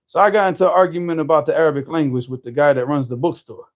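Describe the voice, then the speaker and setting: A man telling a story in casual conversation, animated, often restarting his sentences. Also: on the high side, racing. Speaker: storyteller guest.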